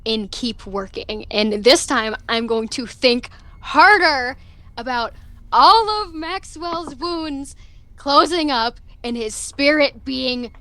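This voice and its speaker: A woman's voice: high voice, slow, sharp tone, no echo. A woman playing a tabletop game, casually describing her character's actions with many filler words. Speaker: player.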